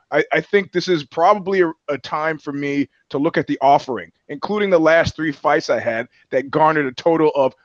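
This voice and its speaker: Guy rambling on a comedy podcast, swears a lot, keeps restarting, kinda high voice, dry and muffled lo-fi sound. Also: no room sound. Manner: rambling, profane, full of restarts and put-on voices. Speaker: podcast co-host. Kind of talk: casual comedic podcast chat.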